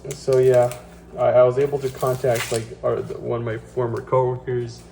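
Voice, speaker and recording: A man rants about work while he cooks, his talk full of fillers, restarts and curses. He sits some way off from a phone mic in a home kitchen. Running tap water and kitchen clatter come through clearly behind him. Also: medium pitch, monotone, normal speed, dark tone, recorded from a distance, a little hiss or hum, low-quality recording. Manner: rambling, profane, many fillers and restarts. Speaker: vlogger. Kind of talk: casual venting monologue. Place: home kitchen, cooking at the stove.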